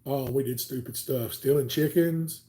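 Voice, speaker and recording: Southern man, 40s, livestream host; chatty, rambling storyteller, mellow tone. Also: medium pitch, normal speed. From Alabama, US. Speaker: channel host.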